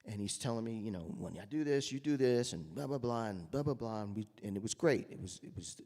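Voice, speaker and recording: A man's voice: on the low side, animated, a little fast, long reverb tail. A man, a jazz trumpeter, telling anecdotes to an audience and acting out the voices he quotes. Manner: storytelling, acts out quoted voices loudly.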